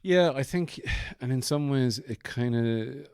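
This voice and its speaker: A man's voice: mid-range voice, unhurried, gravelly, darkish tone, smooth, no room sound, studio quality. A man hosting a podcast from his bedroom, chatting casually with playful, joking asides. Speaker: podcast host. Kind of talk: casual chat.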